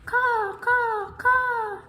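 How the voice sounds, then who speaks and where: A woman voicing a loud, rude male crow with a rackety cawing voice. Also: very high voice, steady tone, extremely slow, voice pushed up, exaggerated voice. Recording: roomy echo.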